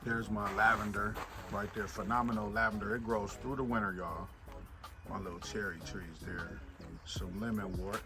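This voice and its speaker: A man casually walking viewers through his home garden, chatty and relaxed, calling them y'all. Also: on the low side, moderate pace. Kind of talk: casual walk-through narration. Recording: music playing clearly behind the voice.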